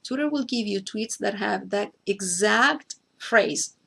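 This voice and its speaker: A woman's voice: mid-range voice, slow, vocal fry, a bit bright. A woman hosting a screen-share tutorial, explaining each step carefully, repeating key points and now and then speaking to a co-host by name.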